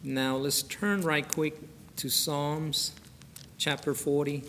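A middle-aged pastor, a man with a somewhat raised voice, preaches in a folksy, chatty way. He slows down to read scripture and prays with fervour. His voice rings out with a long reverb through a large church hall. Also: a little high, little pitch movement, bright, forceful tone, slight background noise. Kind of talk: sermon. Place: church sanctuary.

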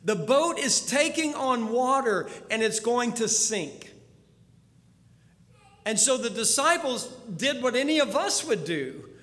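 A man preaching a sermon as a storyteller, dropping to a hush and then rising to urgent pleas. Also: extremely high pitch, sing-song, slow pace. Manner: storytelling, swings from hushed to urgent. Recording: long hall reverb.

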